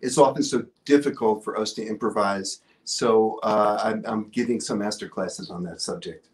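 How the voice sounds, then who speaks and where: A man's voice: lowish voice, moderate pace. A man who is a guest musician, chatting modestly and thoughtfully in a casual interview.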